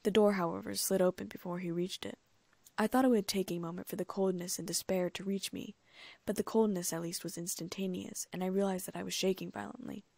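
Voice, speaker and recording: Female audiobook reader, steady storytelling, slight vocal fry, close and dry. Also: medium pitch, brisk, no room sound. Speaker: audiobook narrator. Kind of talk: first-person fan fiction reading.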